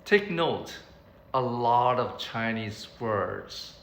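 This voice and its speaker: A man teaching beginners Mandarin, repeating each word slowly so learners can copy it. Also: mid-range voice, expressive, a bit bright, roomy sound, poor audio. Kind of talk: beginner language lesson.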